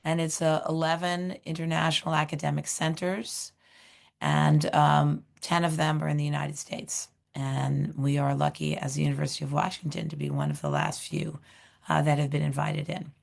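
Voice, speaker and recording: A middle-aged woman with a hoarse voice, hosting a webinar and introducing speakers, halting with many fillers. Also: deep voice, flat delivery. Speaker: seminar host, director of education.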